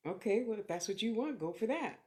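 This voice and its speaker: This Californian woman, middle-aged and working as a clairvoyant medium, has a medium-pitched, animated, slightly mellow voice and talks fairly quickly. Answering viewers during her live-streamed motivational talk and readings, she speaks frankly in brief, reflective bursts, cursing without hesitation.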